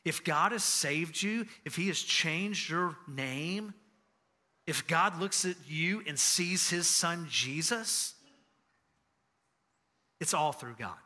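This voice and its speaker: A man's voice: on the high side, animated, slow, long pauses, pushed and bright. A man preaching a sermon, earnest and personal, telling family stories and repeating key phrases for emphasis. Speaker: pastor.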